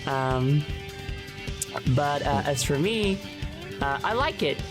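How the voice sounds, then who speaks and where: A woman's voice: low-pitched, animated, slow. A woman streamer in casual live-stream chat, rambling and giggling with many fillers. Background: background music.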